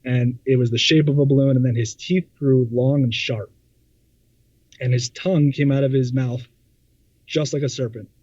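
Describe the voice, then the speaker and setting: A man telling a personal story in a casual, halting way, often stammering and repeating words with many fillers. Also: medium pitch, steady tone, a little mellow, no echo. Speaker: podcast guest. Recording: dull lo-fi sound.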